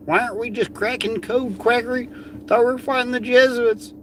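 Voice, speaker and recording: A man putting on a shrill, mocking falsetto of a whiny, preachy woman with a heavy South Texas drawl. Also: steady tone, a little fast, a little hiss or hum. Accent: put-on South Texas.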